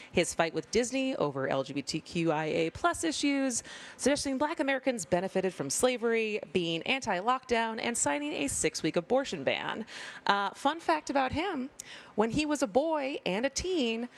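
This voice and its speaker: Female host, somewhat high and very animated voice, casual political banter. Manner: reads candidate bios, laughs often. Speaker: show host.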